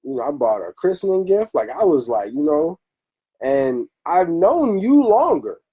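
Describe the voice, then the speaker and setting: A man hosting a casual podcast, telling stories with lots of animation and acting out what people said. His pitch swoops around a lot. His voice is dark and husky. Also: moderate pace, low-quality recording. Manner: animated storytelling, laughs often, acts out quotes. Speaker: podcast host.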